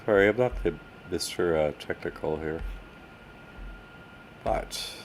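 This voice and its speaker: A man with a somewhat low voice hosts a casual livestream and talks straight to his chat in animated bursts. He grumbles as he fumbles with his screen, and faint room noise sits behind him. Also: slow pace. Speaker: livestream host answering chat.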